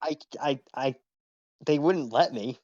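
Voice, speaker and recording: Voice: medium pitch, takes it slowly, a little mellow, no echo, lo-fi sound, natural voice. A performer voicing a naive young man who lived underground, talking in an indignant, innocent way. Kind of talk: role-play stream.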